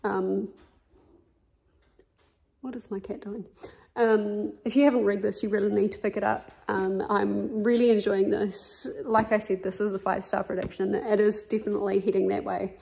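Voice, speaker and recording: Gravelly New Zealand woman chatting about books. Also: medium pitch, flat delivery, moderate pace, mellow. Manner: chatty, filler-heavy, openly indignant. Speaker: book vlogger. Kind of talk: casual reading vlog chat. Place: at home with her cat.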